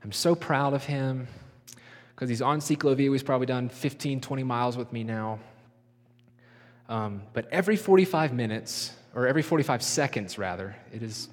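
A middle-aged man preaching a sermon in a church, earnest and slowing down to soften his voice for emphasis. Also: mid-range voice. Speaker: pastor. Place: church sanctuary. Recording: long reverb of a large hall.

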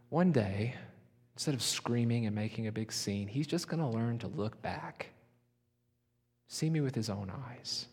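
A middle-aged man preaching a sermon in a church, earnest and slowing down to soften his voice for emphasis. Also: mid-range voice, husky. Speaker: pastor. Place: church sanctuary. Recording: long reverb of a large hall.

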